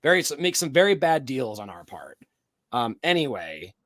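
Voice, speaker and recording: A man's voice: mid-range voice, sing-song, normal speed, a bit bright, dry recording. Podcast co-host, male, casual rambling recap style, dry close sound. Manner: rambling, filler-heavy, many restarts. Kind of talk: casual chat recapping a TV episode.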